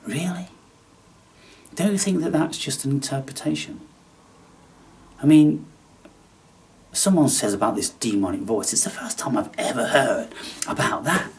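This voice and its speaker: A man hosting a spiritual channel, talking in a theatrical, taunting way that swings between loud outbursts and hushed asides. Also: medium pitch, a little slow, long pauses, far from the mic. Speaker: channel host. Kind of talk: spiritual vlog monologue.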